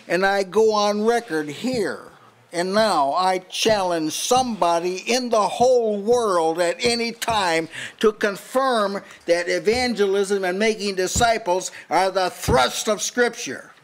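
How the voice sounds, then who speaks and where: An older man preaches in a house church meeting, pressing his points hard and challenging his listeners. His voice sits a little high for a man, and he often breaks off and restarts his sentences as he drives home each point. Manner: emphatic, challenging, with frequent restarts. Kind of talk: sermon.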